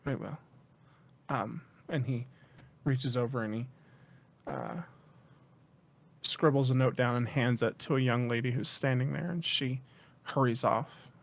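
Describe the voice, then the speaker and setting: Male game master, mid-pitched gravelly voice, halting casual narration. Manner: relaxed, halting narration with many fillers.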